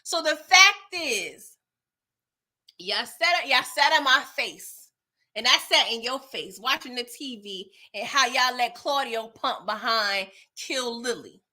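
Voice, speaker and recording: A young woman hosting a casual TV recap, talking straight to her viewers in a frustrated, animated way and reading out chat comments. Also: a little high, slow. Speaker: TV recap host.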